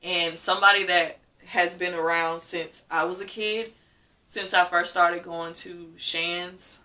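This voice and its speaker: A woman's voice: on the low side, steady tone, measured pace, pushed and bright, distant mic. A woman vlogger telling a personal story candidly and emotionally, acting out what people said.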